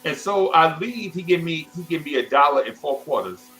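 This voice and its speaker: With faint music behind him on a low-quality recording, a man speaks a little high at a moderate pace. The show host, in his fifties, spins a rambling childhood tale casually, animatedly acting out others' quoted voices with loose restarts and asides.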